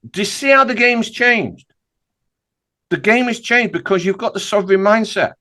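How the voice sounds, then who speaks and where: A man's voice: sits high, normal speed, pushed and bright. A man talking as a podcast guest in an emphatic, insistent way, firing off rhetorical questions. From United Kingdom. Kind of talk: animated podcast conversation.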